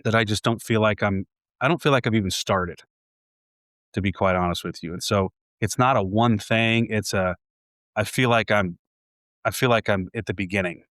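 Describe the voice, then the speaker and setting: A man's voice: fairly low pitch, moderate pace, a bit bright, dry recording, clean studio sound. A man in his forties, a home builder guest, talking casually and reflectively in a podcast conversation, with frequent restarts. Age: 40s.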